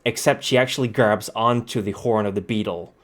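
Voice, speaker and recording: A man narrating a tabletop game as game master, relaxed and matter-of-fact, with frequent ums. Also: lowish voice, fairly quick.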